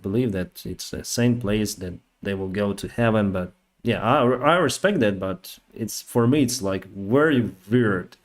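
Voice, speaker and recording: A man hosting a live stream, telling stories in a loose, rambling way with many fillers. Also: lowish voice. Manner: rambling, with frequent fillers and acted-out quotes. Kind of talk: casual live-stream storytelling.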